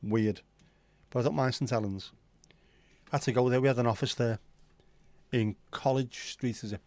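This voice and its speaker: Male stream host, mid pitch, dry close sound, loose sweary banter. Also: steady tone, normal speed, darkish tone, no room sound. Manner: chatty, sweary, banter-filled. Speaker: livestream host. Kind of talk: casual chat reading viewer comments.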